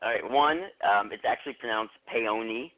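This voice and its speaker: A man's voice: medium pitch, lively intonation, fairly quick. Chatty male guest over a phone line. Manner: chatty, anecdotal. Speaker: guest author. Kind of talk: casual interview chat. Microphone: Bluetooth headset on a phone call.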